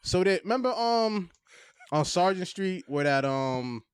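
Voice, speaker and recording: A young man with a Hartford, Connecticut accent, a comedian guest telling funny street stories and acting out the quotes loudly. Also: sits high, a little slow, a little hiss or hum. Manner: animated, loud acted-out quotes in stories. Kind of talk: casual storytelling.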